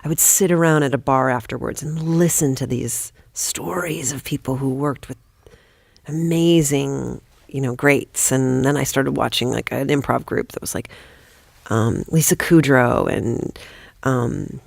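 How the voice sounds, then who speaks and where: A woman spills stories at a rush, swearing casually as she goes. Her voice carries a steady gravelly fry, and the sound is close and dry with no room around it. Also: very deep voice, no room sound. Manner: rapid, animated, swears freely. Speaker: guest, comedic actress. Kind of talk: casual podcast storytelling.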